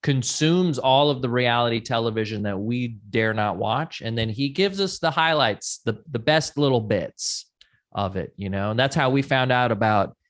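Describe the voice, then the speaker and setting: A man co-hosting a podcast, talking in an easygoing, measured way. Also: mid-range voice, animated. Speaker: podcast co-host. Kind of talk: casual chat.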